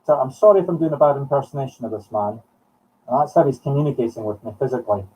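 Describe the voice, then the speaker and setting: A Scottish man working as a medium on a live broadcast, talking in halting short phrases as he thinks aloud. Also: mid-range voice, mellow, husky, recorded from a distance. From Scotland. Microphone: streaming from home. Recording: muffled sound from off the mic.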